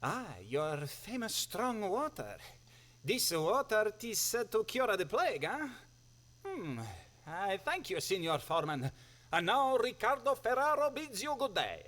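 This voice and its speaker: A man's voice: high voice, very animated, measured pace, a bit bright, exaggerated voice. An actor playing an Italian male patient with an Italian accent who speaks broken English mixed with Italian words. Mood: pleased.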